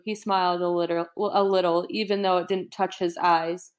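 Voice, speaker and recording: A woman reading a novel aloud in a relaxed, chatty way, breaking off for casual asides and occasional stumbles. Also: fairly low pitch, moderate pace, hardly any pauses. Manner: reads with light voicing, chatty asides, stumbles and laughs. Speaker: reader.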